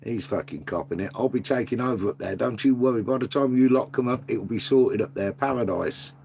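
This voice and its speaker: A man's voice: medium pitch, fairly quick, creaky, a little mellow, slight background noise. A middle-aged man hosting a casual livestream, reading out viewers' messages. He calls people mate and son, and swears freely. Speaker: livestream host reading chat. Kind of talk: casual live chat.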